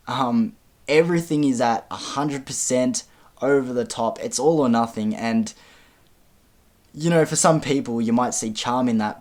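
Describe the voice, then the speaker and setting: Guy doing a chatty movie review, blunt and sweary, ums everywhere. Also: medium pitch. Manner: frank, swears often, frequent ums. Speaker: film reviewer. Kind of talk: casual film review.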